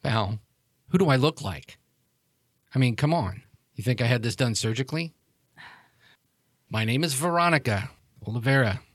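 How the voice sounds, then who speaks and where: A man's voice: medium pitch, lively intonation, moderate pace, pauses often, no room sound, clean studio sound, lightly acted. A man voicing a woman who is the long-lost sister, glib and bitter, talking casually and swearing. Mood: offhand.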